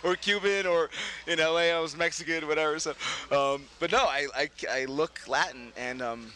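Middle-aged brooklyn guy, actor, chatty interview, bright edgy voice, laughs a lot. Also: normal speed, a little hiss or hum. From Brooklyn, New York. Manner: animated, laughing, voices quotes with big pitch jumps. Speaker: actor, guest. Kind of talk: casual storytelling interview.

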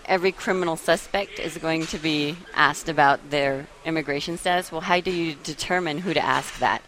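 A woman who wrote a report, arguing her point in a measured, analytical way during a radio interview. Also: low-pitched, a bit bright, a little hiss or hum, poor audio. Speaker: report author.

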